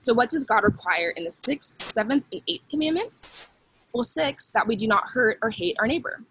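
A woman's voice: on the high side, lively intonation, moderate pace, fairly bright tone, breathy edge, poor audio. A young woman teaching children a Bible lesson in an upbeat way, leading call-and-response with them.

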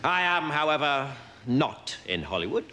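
A jealous actor who wraps sarcastic jabs in stiff politeness, his voice fairly high and lively in its swings. A loud hiss sits under this live stage recording. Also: normal speed. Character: bitter, jealous male actor accepting a rival's award. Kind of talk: live stage sketch, acceptance speech.

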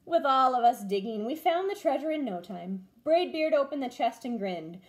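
Expressive woman reading a storybook. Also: mid-range voice, normal speed, hardly any pauses. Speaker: teacher. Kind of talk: reading a children's picture book aloud.

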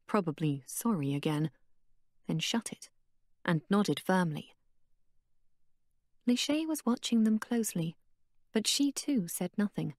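A woman narrating an audiobook in a steady, even storytelling manner. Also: mid-range voice, a little slow, pauses often, no echo, clean studio sound. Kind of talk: scripted narration.

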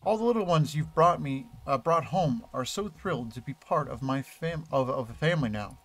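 A man reading the lines of a gentle, motherly creature queen from a video game, in a soft and formal manner. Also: medium pitch, lively intonation, moderate pace. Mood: grateful.

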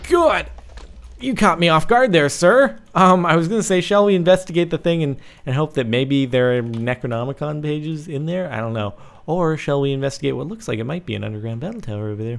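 Young man, gaming commentary, lively swooping pitch, gravelly edge, excitable yelps. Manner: excitable, yelps and sing-song outbursts while playing. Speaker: gaming video host. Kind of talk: casual let's play commentary.

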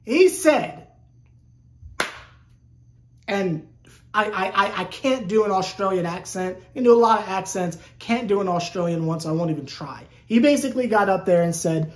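A woman's voice: mid-range voice, animated, moderate pace, darkish tone. A sarcastic woman rants about her team on a sports vlog. She talks in a mid-range voice and circles back with lots of restarts. The delivery stays loose and conversational throughout. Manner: sarcastic and rambling, with frequent restarts. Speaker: sports YouTuber covering a basketball team. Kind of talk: casual vlog rant.

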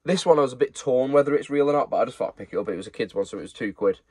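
In this casual haul chat, a young online reseller rambles on while showing the secondhand football shirts he's reselling. He speaks in rapid-fire bursts with a mid-range, darkish, slightly rough voice, recorded without echo.

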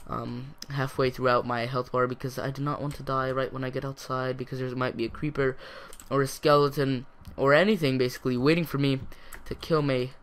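A teenage boy casually commenting on his own gameplay, talking to himself in a rambling way with sudden excited outbursts. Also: medium pitch, fairly quick, few pauses, clear, resonant tone. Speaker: gaming channel host.

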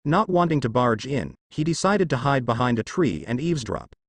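Man reading fan fiction aloud, expressive, lively pitch, dry close sound. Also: moderate pace, no room sound. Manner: expressive storytelling. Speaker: narrator.

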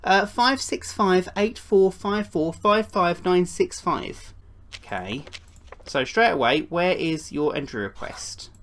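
A woman's voice: fairly low pitch, animated, slow pace. A woman giving playful gameplay commentary, chatting and slipping into put-on voices for the characters. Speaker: gaming YouTuber.

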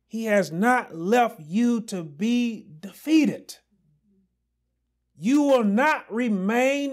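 A male pastor preaching a sermon with passion, often shouting and then dropping to low asides.

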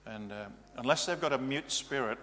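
A man's voice: mid-range voice, normal speed, pushed and bright, soft background music. A male pastor giving a practical, matter-of-fact teaching sermon in a church. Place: church hall. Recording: reverberant hall, faint hum.

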